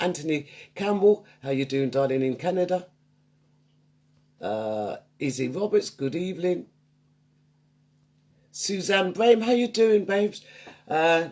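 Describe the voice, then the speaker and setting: A woman's voice: low voice, a little mellow. A woman hosting a live online radio show, chatting upbeat and greeting listeners by name. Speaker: radio DJ and host.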